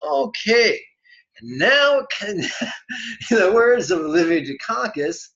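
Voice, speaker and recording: A man teaching meditation in an online lesson, speaking deliberately and dropping in playful, wry asides. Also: high voice, sing-song, a bit bright. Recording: dull lo-fi webinar audio.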